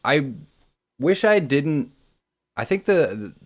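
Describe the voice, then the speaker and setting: A man's voice: on the high side, big pitch swings, slow pace. A man on a podcast giving his impressions in a casual chat, hesitant, with many ums and restarts. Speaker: podcast co-host.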